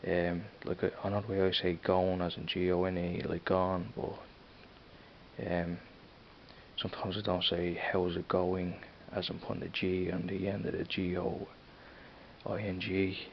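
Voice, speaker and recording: Low-pitched and flat, with vocal fry and a normal speed, an Irish vlogger with a Dublin accent chats casually to camera, rambling and hesitant with many fillers and restarts. The audio comes from a camera mic and sounds dull and lo-fi with a faint hiss.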